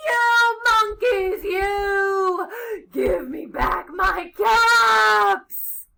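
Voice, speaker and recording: A woman voicing a male cap peddler who shouts angrily at monkeys in a children's storybook reading. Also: very high voice, little pitch movement, slow, voice pushed up, exaggerated voice. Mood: angry. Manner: shouting, scolding.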